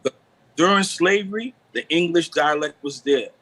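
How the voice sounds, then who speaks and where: A man on a live video call, explaining the deeper meanings of words in a preachy, repetitive way. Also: normal speed, fairly bright tone, rough recording. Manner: preachy, repeats "you know what I'm saying". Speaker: guest. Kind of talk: live stream talk on word meanings.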